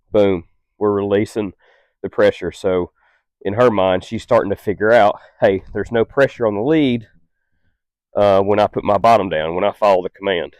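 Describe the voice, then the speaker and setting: A man working as a dog trainer, who explains his methods calmly and patiently and gives short, stern commands to a dog. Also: on the low side, dry recording. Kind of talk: instructional demonstration.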